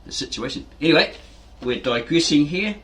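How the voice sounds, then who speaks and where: This man's voice sits fairly high, fairly bright and expressive, moving at a moderate pace. Hosting a fitness channel, he explains things in a loose, wandering way, acting out quotations and checking in with "right?" again and again.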